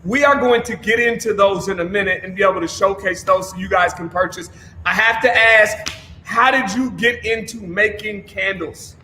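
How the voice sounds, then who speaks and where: Loud, energetic male show host. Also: sits high, moderate pace, slight background noise. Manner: energetic, yells a lot, slangy. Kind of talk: loud upbeat livestream hosting. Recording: echoey room with a long reverb.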